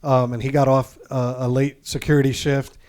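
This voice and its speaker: Easygoing Puerto Rican man, mid-pitched voice. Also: little pitch movement, normal speed, darkish tone. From Puerto Rico. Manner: easygoing, agreeable, chuckling. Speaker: podcast guest. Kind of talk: casual conversation.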